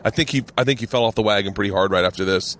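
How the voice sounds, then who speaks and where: A man's voice: fairly low pitch, racing, a bit bright. A man hosting a podcast in casual chat, telling stories animatedly, acting out quotes and swearing freely. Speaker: podcast host.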